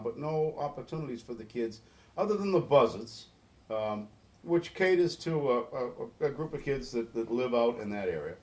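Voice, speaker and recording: A middle-aged New England man who organizes boatyard volunteers is a guest in an interview, telling a long story earnestly and with feeling. He often restarts his sentences, and his mid-range voice has a darkish tone.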